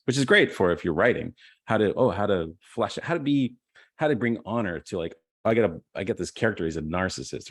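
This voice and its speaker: Middle-aged male improv teacher, low voice, dry close sound, animated storyteller. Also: no room sound. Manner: animated storyteller, acts out quotes. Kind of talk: casual conversation. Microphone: video call.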